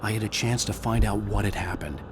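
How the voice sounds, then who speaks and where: A man with a fairly low, natural voice speaks briskly over game music, with background noise present. In this video game voice acting, he is both narrator and lead: a haunted male novelist searching for his lost wife, narrating in a grave, reflective manner.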